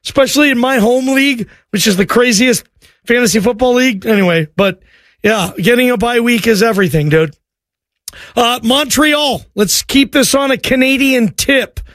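A man hosting a sports talk radio show, talking loosely and excitably and joking with callers. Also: extremely high pitch, normal speed, no echo.

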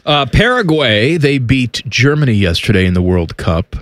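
A man co-hosting a podcast, chatting casually in a teasing, deadpan way. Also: medium pitch, normal speed, no echo. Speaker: podcast co-host. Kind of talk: casual chat.

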